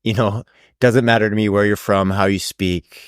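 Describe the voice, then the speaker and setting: Canadian man, podcast co-host, low voice, profane and animated, dry studio. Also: moderate pace, smooth, no echo. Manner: swears a lot, restarts, animated. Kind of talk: casual chat.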